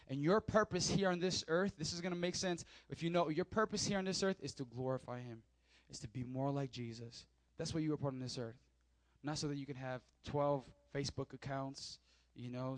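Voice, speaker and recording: A pastor delivering a sermon in church, animated, swinging between hushed asides and loud emphatic lines. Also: male voice, fairly high pitch, dry recording. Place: church service.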